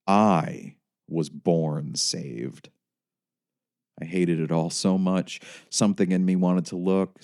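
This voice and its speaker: Deep dark-voiced male narrator. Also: clear, resonant tone. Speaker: audiobook narrator. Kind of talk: first-person audiobook narration.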